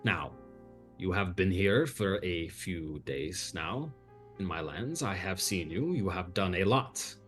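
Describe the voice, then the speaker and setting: A man voicing an imperious male vampire count, formal and measured in a tabletop game. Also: low-pitched, expressive, fairly bright tone, soft background music, full character voice. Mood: courtly.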